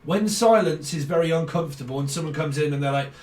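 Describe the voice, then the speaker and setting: A man's voice: a little high, fast talker, a little mellow. A man giving a casual tarot reading, swearing, ranting and laughing often. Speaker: tarot reader. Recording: roomy, distant from mic, faint background noise.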